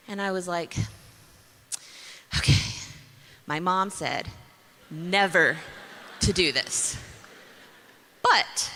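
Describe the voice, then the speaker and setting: A young woman telling a story to an audience, acting out her own lines with lively voices. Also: mid-range voice. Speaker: speaker. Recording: long reverb of a large hall.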